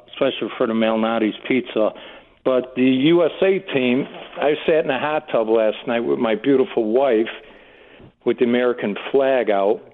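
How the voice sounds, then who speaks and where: A male caller talks to a radio show in a relaxed, chatty way. His voice comes through a narrow, tinny phone line. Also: medium pitch.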